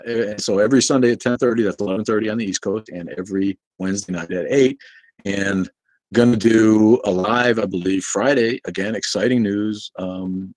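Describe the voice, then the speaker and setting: A man's voice: on the low side, a little mellow, no room sound. A man from Boston hosting a casual livestream, rambling, swearing freely and answering chat comments. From Boston, New England. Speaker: livestream host.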